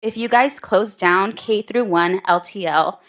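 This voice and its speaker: A woman's voice: mid-range voice, a little slow. A mother giving an emotional prepared public comment at a school board meeting, close to tears.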